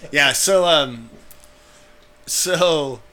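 A young man telling a story in casual chat, animated and breaking into quoted voices. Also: a little high. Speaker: podcast co-host telling a story.

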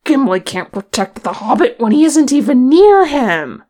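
A woman reading as an agitated, hot-tempered male dwarf who shouts his lines. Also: high-pitched, sing-song, moderate pace, pitched above the performer's own voice. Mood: angry.

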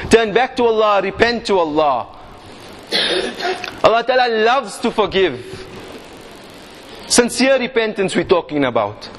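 A man's voice: high voice, in a large hall, a little hiss or hum. A man preaching a sermon, telling a vivid story full of rhetorical questions.

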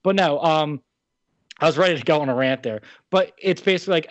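A man's voice: on the high side, a little fast, dry recording. A young man from New Jersey co-hosting a casual chat, opinionated and ranting. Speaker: podcast co-host. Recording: dull, dry lo-fi recording.

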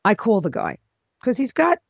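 A woman's voice: medium pitch, huge pitch swings, normal speed, breathy edge, no room sound. A woman hosting an advice show in a casual monologue, blunt and emphatic, her voice swooping up into exclamations. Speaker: podcast host and script consultant. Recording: dull lo-fi dry recording.

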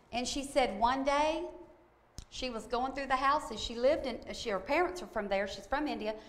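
A woman telling a story in a sermon, emphatic and often asking "okay?" to drive points home. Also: a little high. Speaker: preacher. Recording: echoey room.

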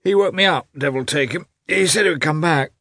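A man's voice: fairly high pitch, fairly quick, sharp tone, no echo, clean studio sound, voice pushed up. A man voicing a hungover, playful young male officer with a whiny, lazy, teasing manner. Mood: grumbling sleepy.

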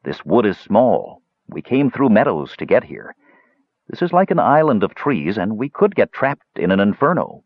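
A man voicing a calm, somber half-elf wanderer who speaks slowly and steadily, trying to sound soothing. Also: fairly low pitch, slightly rough, dry recording, full character voice. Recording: dull dry lo-fi recording.

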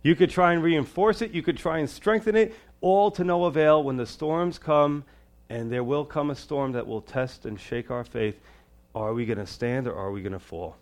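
A man preaching a sermon as pastor, shifting between loud, high emphasis and quiet, low asides. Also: moderate pace.

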